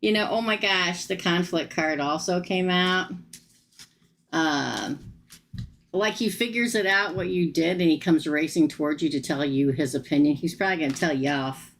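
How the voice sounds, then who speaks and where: A woman reading tarot on a live stream, chatty and animated, laughing often. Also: low voice, normal speed, a little hiss or hum. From United States. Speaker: tarot reader.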